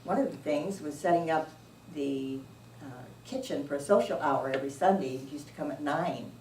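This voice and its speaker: A woman giving an informal sermon in a church, unhurried and anecdotal, often chuckling as she tells stories. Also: sits low, darkish tone. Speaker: church speaker. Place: church sanctuary. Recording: echoey room, distant mic, faint noise.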